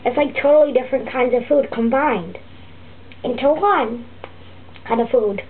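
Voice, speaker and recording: A woman voicing a fussy, griping turtle puppet teacher, rambling and halting with many restarts. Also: sits high, natural voice. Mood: grumbling. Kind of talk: comic puppet vlog monologue. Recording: tinny lo-fi phone-like audio with faint hiss.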